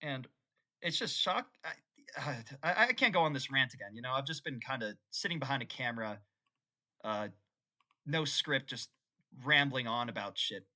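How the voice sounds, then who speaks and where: An animated young man rambles unscripted in a casual vlog, his voice bright and sharp. His pitch swings widely as he jumps from excited laughter to mock-solemn seriousness. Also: normal speed. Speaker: YouTuber.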